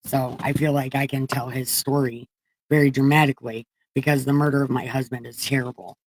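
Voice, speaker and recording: A woman's voice: very deep voice, flat delivery, brisk, darkish tone, no room sound, rough recording. A woman reading the Bible on a livestream in a comedic, casual way, irreverent and profane, chatting with viewers.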